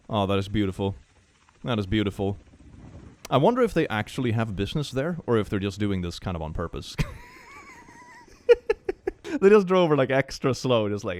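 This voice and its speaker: A man giving casual reaction commentary as a streamer, animated, often exclaiming and laughing. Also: fairly low pitch, a little fast, long pauses.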